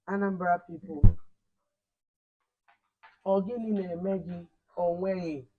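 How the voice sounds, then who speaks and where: A man teaching a language lesson online, repeating words slowly and correcting his pupils. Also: sits high, lo-fi sound.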